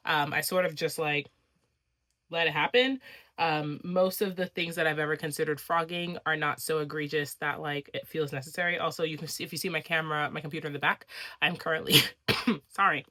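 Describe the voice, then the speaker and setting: Chatty woman vlogger with a bright voice. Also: deep voice, fairly even intonation, brisk, no room sound. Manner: chatty, rambling, frequent "um" fillers. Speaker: crafting vlogger. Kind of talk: casual vlog chat.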